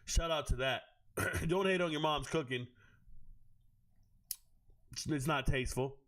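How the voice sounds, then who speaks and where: A man with a high-pitched voice hosts a casual livestream, reading chat and firing off crude jokes. He jumps quickly from one comment to the next in animated trash talk. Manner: loud, profane, joking trash talk.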